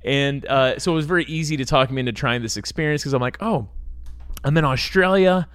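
A man's voice: medium pitch, fairly even intonation, quick pace, a bit bright, clean tone, no room sound. A man co-hosting a podcast in casual chat, telling rambling anecdotes and laughing easily. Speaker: podcast co-host.

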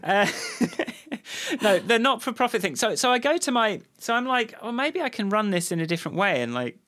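A man's voice: high-pitched, big pitch swings, normal speed, pushed and bright. Rambling man chatting on a podcast. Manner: rambling, full of restarts and fillers. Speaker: podcast co-host. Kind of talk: casual chat.

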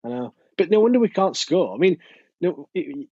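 A man, co-hosting a podcast and talking about football in a frustrated, halting way. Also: high voice, sing-song, breathy edge, dry recording. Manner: frustrated, hesitant, repeats himself. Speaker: podcast co-host. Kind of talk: football fan chat. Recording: dull dry lo-fi podcast audio.

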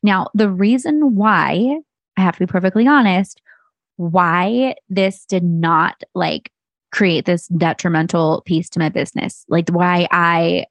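Woman, 30s, casual solo storytelling, rambling and filler-heavy, vocal fry, dry close sound. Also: on the low side, unhurried, no room sound. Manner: chatty, rambling, full of "like" and restarts. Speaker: podcast host and business owner.

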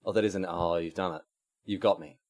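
A man's voice: low voice, a little fast. A young man with an English accent, co-hosting a casual podcast chat and rambling through stories with lots of restarts. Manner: animated, rambling with many restarts. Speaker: podcast co-host.

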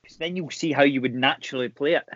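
Animated Scottish man, dry sound. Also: medium pitch, fast talker, dry recording, muffled recording. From Scotland. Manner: animated storyteller, laughs easily. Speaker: actor guest. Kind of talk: casual chat.

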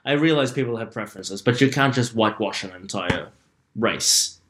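A man's voice: fairly low pitch, expressive, moderate pace, noisy background. A young man co-hosting a casual podcast chat, camp and teasing in his banter. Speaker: podcast co-host.

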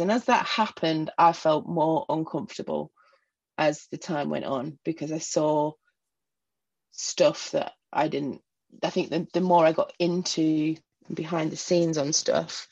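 On a lo-fi recording, a middle-aged woman from Northeast England reflects on her past during a personal interview, using plenty of fillers and little laughs. Her voice is low and a touch mellow.

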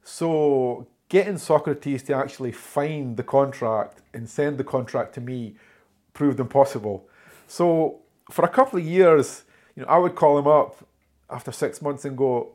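A male author and journalist, being interviewed, spins a lengthy tale that wanders and restarts again and again. He speaks at a normal speed in a mid-range, slightly mellow voice.

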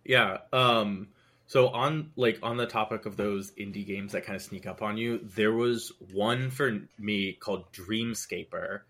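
Man, guest on a podcast, lively recounting, lower voice. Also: unhurried. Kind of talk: casual chat.

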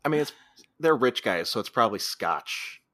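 A man's voice: medium pitch, sing-song, normal speed, fairly bright tone, no echo. A man co-hosting a podcast, casually recapping a film's plot scene by scene. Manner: retells scenes, quoting characters in brief voices. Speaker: podcast co-host. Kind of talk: casual movie recap chat.

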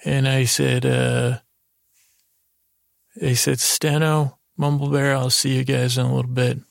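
A man's voice: medium pitch, little pitch movement, measured pace, creaky, no echo, studio quality. A man telling a rambling, improvised sleep story, meandering and hesitant, with many restarts. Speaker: podcast host.

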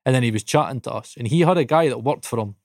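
A man's voice: mid-range voice, quick pace, no echo. Scottish man from Dundee, podcast co-host, dry close-mic sound, chatty and sweary, mid-range voice. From Dundee, Scotland. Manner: animated, swears freely, laughs through the story. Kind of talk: casual anecdote telling.

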